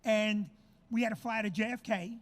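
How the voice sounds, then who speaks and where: A man's voice: high-pitched, steady tone, moderate pace. A middle-aged man, telling a comic story in a brash, profane, exaggerated way. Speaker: comedian host. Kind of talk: storytelling chat.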